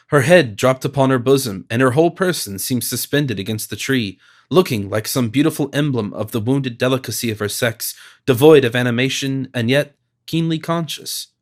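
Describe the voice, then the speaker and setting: Brief: male audiobook narrator, mid-pitched, measured and even, classic novel reading.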